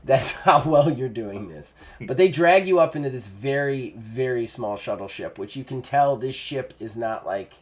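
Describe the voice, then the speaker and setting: A man's voice: mid-range voice, expressive. A man running a tabletop game as game master, narrating loosely with many fillers and restarts. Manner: loose, rambling narration with many fillers and quick character voices.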